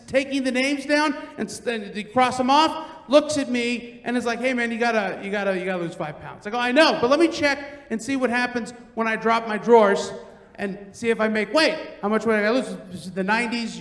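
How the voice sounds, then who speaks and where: A middle-aged man performing a stand-up comedy set, telling loud, animated stories and acting out the quotes. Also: very high-pitched, brisk. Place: large theater stage. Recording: roomy theater with long reverb.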